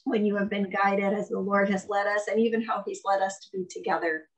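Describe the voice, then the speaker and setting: A woman's voice: mid-range voice, little pitch movement, fairly quick, rough recording. A woman from Ohio hosting an interview, affirming her guest and asking questions. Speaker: host. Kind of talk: conversational interview.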